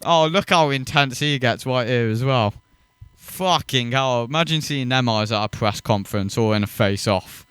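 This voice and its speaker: A man's voice: medium pitch, moderate pace, a bit bright, smooth, no echo. A man hosting a reaction video, mocking and swearing as he rants in scornful commentary.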